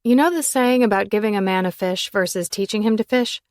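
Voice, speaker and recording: A woman narrating a first-person romance audiobook in an intimate, emotional manner that turns breathy at its quiet moments. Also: mid-range voice, fairly quick, no room sound, studio quality.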